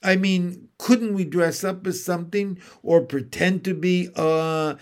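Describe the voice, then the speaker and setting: A man's voice: high-pitched, steady tone, measured pace, voice pushed up. A man reading aloud from a storybook, voicing an earnest, impatient boy who stumbles eagerly over his words. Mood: urgent.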